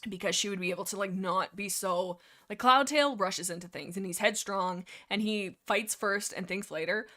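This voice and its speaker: Brief: female streamer, casual rambling book talk, sarcastic, mid pitch. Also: normal speed. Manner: animated, sarcastic, many fillers and restarts. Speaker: streamer discussing a book series.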